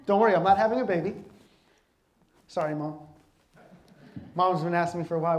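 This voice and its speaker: A man preaching a sermon in a lively, conversational way, joking and constantly asking the congregation questions. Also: high voice, brisk, long pauses. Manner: laughs easily and jokes with the congregation. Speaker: pastor.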